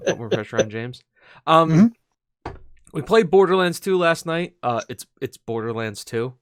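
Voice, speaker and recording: A man's voice: a little high, animated, moderate pace, clear, resonant tone. A man co-hosting a casual video game podcast, talking in a rambling, hesitant way with lots of fillers and restarts. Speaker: podcast co-host. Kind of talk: casual gaming podcast chat.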